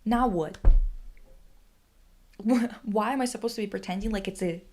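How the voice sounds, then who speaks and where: A woman's voice: medium pitch, unhurried, darkish tone, soft background music. Blunt, profane woman streamer. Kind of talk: casual livestream chat.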